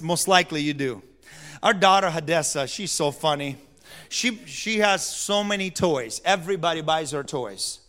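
A high-pitched, bright-toned male pastor with a non-native English accent, preaching a sermon. His delivery swings from hushed, tearful storytelling to loud, fervent calls. He keeps it freewheeling and playful, with laughs and acted-out quotes.

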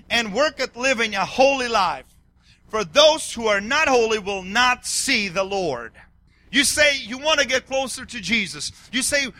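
A middle-aged male pastor preaching a sermon, excitable, swinging between yelling and quiet asides. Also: high voice.

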